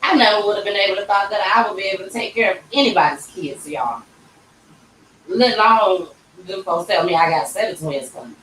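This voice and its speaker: A woman vlogger telling a personal story in casual, animated talk, acting out the voices of the people in it, recorded in a tattoo shop. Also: medium pitch, brisk, slight background noise. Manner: animated, acts out quoted voices. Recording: roomy, distant mic, faint ambience.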